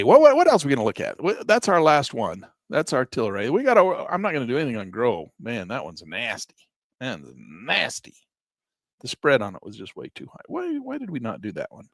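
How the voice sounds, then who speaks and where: A man's voice: lowish voice, gravelly, dry recording, clean studio sound. A middle-aged man, a trading instructor, casually thinking aloud through trades on a live screen-share.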